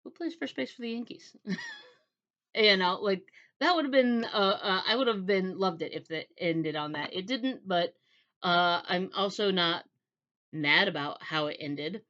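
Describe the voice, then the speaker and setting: Bright-voiced woman chatting about a book. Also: on the low side, measured pace, dull audio. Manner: chatty, rambling, acts out dialogue. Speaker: book reviewer. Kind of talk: casual book review chat.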